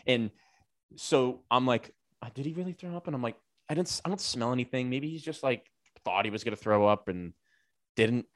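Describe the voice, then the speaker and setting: A man tells a long comic story in a casual, swearing way and keeps slipping into the voices of the people in it. The sound is dry and close, with a mid-pitched voice. He talks like a podcast storyteller. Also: moderate pace, dry recording. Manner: animated, profane, acts out quoted voices.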